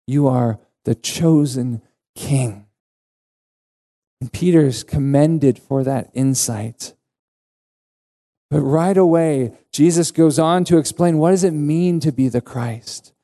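Slow, mellow-voiced male preacher. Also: a little high. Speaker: pastor. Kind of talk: sermon.

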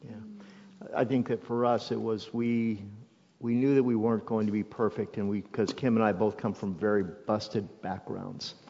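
Middle-aged dad host, low and mellow, candid; dull, noisy, reverberant track. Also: male voice, little pitch movement, moderate pace, vocal fry. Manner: candid and reflective. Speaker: father and podcast host. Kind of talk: casual conversation. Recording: dull recording with long reverb and faint noise.

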